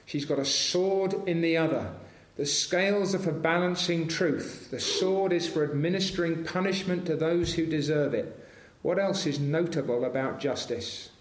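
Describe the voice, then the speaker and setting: A man's voice: fairly high pitch, normal speed. A man preaching a sermon, earnest and asking his congregation rhetorical questions. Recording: roomy echoing hall.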